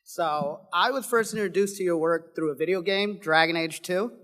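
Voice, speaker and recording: A man's voice: high voice, moderate pace, a bit bright. A man in the audience, upbeat and enthusiastic, asking a panel question.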